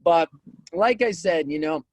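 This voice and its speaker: A man co-hosting a casual talk show, telling self-deprecating stories with animated energy and bursts of loud laughter. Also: fairly high pitch, unhurried, no echo. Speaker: podcast co-host. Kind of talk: casual chat.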